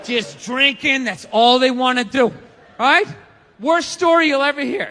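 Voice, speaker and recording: A man's voice: extremely high pitch, moderate pace, pushed and bright. A stand-up comedian, a man ranting emphatically with profanity on stage. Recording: reverberant hall with audience.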